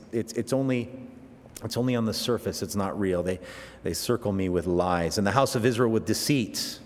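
A man preaching a verse-by-verse sermon, rising to loud emphatic peaks and dropping to slow, quiet asides, with frequent restarts. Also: lowish voice. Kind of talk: expository sermon. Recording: long hall reverb.

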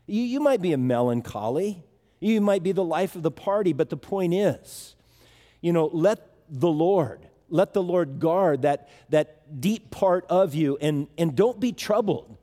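A man's voice: fairly high pitch, mellow, long reverb tail. A man preaching a sermon in a conversational, emphatic way, often restarting his phrases.

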